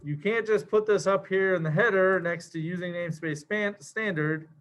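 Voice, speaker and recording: Slangy programming teacher, slightly high voice. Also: male voice, moderate pace, a bit bright. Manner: casual and slangy, with many fillers. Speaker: programming instructor. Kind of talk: screen-share coding lecture.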